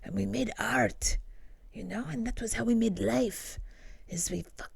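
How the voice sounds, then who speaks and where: A woman putting on a smug older male director with a deliberately bad French accent, half-whispered and breathy. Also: on the high side, dry recording, pitched above the performer's own voice, exaggerated voice. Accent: put-on bad French accent.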